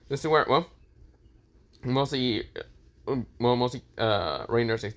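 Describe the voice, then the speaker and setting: A man's voice: medium pitch, lively intonation, measured pace, pauses often. Rambling man narrating a fan story. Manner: rambling, repeats fillers often.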